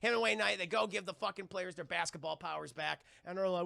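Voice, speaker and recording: A man's voice: high-pitched, quick pace, gravelly, pushed and bright, no room sound. A young man casually reviewing a film on a live stream, profane and rambling as he keeps addressing his chat.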